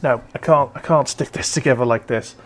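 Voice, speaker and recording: A man's voice: mid-range voice, fairly quick. A man hosting a casual hobby stream, rambling and easygoing as he chats. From North East England. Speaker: stream host. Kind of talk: casual chat. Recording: faint background noise.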